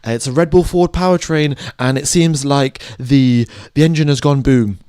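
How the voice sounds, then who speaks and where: A young man giving live motorsport commentary on a stream, excitable and chatty, talking straight to his viewers. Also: mid-range voice, normal speed, clear, resonant tone, no echo, studio quality. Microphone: headphones on, home streaming mic.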